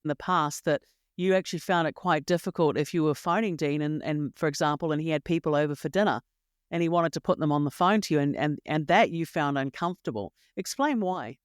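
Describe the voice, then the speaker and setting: A man hosting an interview, asking measured, probing questions. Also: a little high, smooth, no room sound, clean studio sound. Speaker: interviewer host.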